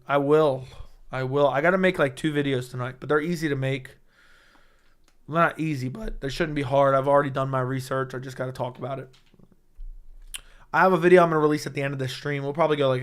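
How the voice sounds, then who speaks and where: A young man hosting a casual fight-talk livestream, excitable and rambling, swearing often, with a voice he says is going hoarse. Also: mid-range voice. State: losing his voice. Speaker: MMA livestream host. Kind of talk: casual livestream chat reading chat.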